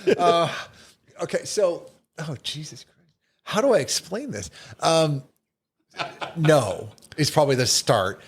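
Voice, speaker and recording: A man, a doctor, chatting casually as a podcast guest, explaining things in a relaxed way with many restarts and fillers. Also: a little high, measured pace, pauses often, slightly rough. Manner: laid-back, explains with frequent restarts and fillers.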